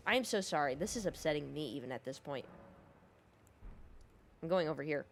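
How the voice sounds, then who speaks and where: A woman's voice: medium pitch, sing-song, normal speed. Woman gamer, casual rambling storytelling, swears a lot, sarcastic. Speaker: gaming video creator. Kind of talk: casual storytelling over gameplay.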